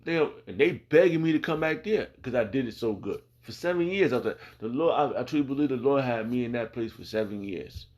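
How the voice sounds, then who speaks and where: A man speaking casually about his faith, rambling and swearing freely, calling listeners "man" and "bro", and slowing down to read scripture. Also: mid-range voice, lively intonation, darkish tone. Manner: reads scripture slowly. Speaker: speaker sharing faith testimony. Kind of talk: casual religious talk.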